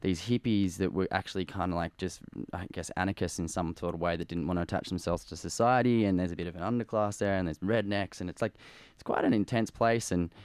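An Australian man in his thirties, a radio guest telling a story in a lively, casual way, with lots of fillers. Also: deep voice, fast talker, hardly any pauses, smooth, no room sound. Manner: animated, tells stories with lots of fillers.

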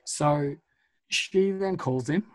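A man's voice: on the high side, slow. A man co-hosting a podcast, casually retelling a film plot in a chatty way full of fillers and the odd swear. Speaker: podcast co-host.

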